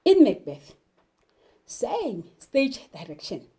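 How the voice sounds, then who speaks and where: Woman teacher, fairly high voice, emphatic, quizzes learners, unhurried. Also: huge pitch swings, mellow, poor audio. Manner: slow, emphatic, asks learners questions. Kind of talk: televised classroom lesson.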